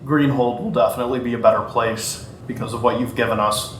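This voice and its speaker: A man's voice: mid-range voice, steady tone, quick pace, slight background noise, close to an everyday voice. Man voicing a servile hobgoblin. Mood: obsequious. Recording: roomy echo, faint music.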